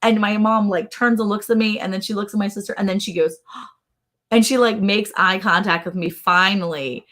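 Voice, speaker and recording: A middle-aged woman hosts a relaxed live-stream chat, telling family anecdotes in an average-pitched voice. She talks with animation and laughs easily. She also pops her voice way up whenever she quotes a relative. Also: normal speed. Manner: animated storyteller who acts out relatives' lines in a raised voice; laughs often while talking. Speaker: host.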